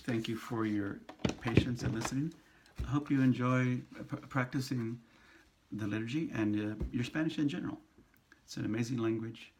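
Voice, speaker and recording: A priest giving a casual pronunciation lesson, speaking slowly and patiently, repeating and sounding out syllables. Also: male voice, mid-range voice, noisy background. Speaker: priest teaching Spanish pronunciation.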